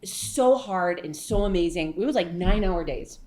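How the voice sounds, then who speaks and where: A woman from upstate New York, a podcast guest telling stories in an animated way and acting out the voices of others with big swings in pitch and loudness. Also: moderate pace. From upstate New York, USA. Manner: lively, acts out quotes with big jumps in pitch and volume. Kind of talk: animated storytelling in a podcast interview.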